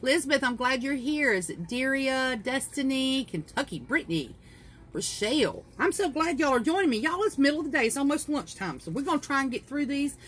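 Chatty Southern woman with a lively voice. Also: high-pitched, fairly quick, a little hiss or hum. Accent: Southern US (South Carolina). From South Carolina, US. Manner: chatty, folksy, greets viewers by name, laughs at herself. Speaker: craft livestream host. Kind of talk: casual livestream tutorial. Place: home kitchen.

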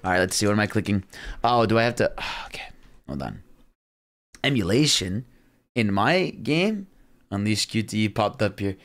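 A young adult man giving excitable, slang-filled live commentary on a video game, talking to his chat. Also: fairly low pitch, moderate pace. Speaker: game streamer. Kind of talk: casual live gaming commentary.

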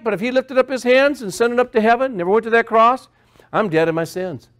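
A man's voice: extremely high pitch, fast talker, fairly bright tone. A male pastor preaching a sermon, repeating phrases and building emphasis as he goes.

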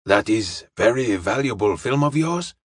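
A man's voice: on the low side, animated, slightly rough, dry recording, clean studio sound. A man voicing a courteous middle-aged male detective who speaks formally and evenly. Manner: polite, formal, measured.

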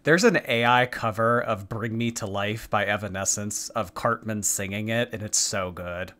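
A man's voice: fairly low pitch, normal speed, bright, forceful tone. A man giving sarcastic reaction commentary, mocking what he watches. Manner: snarky, mocking.

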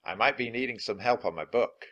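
A man's voice: lowish voice, a little fast, sharp tone, muffled recording. Slim, a man doing an easygoing cowboy. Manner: drawling cowboy talk. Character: easygoing adult male cowboy mustang herder.

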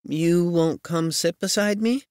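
A man putting on a breathy, teasing young woman. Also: a little high, measured pace, darkish tone, no room sound, studio quality, pitched above the performer's own voice, close to an everyday voice. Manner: teasing, sing-song.

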